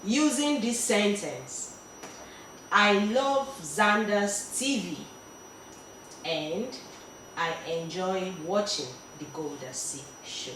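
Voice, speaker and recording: Slow-spoken woman hosting a show. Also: medium pitch, lively intonation. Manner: unhurried, announces segments and explains rules. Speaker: talk show host. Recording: echoey room, mic at a distance, clear background noise.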